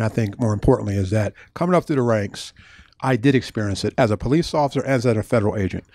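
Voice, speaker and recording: A man's voice: medium pitch, dry recording. A man, an author and former police officer, answering audience questions at a book talk, telling stories with frequent restarts. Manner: animated storytelling with frequent restarts.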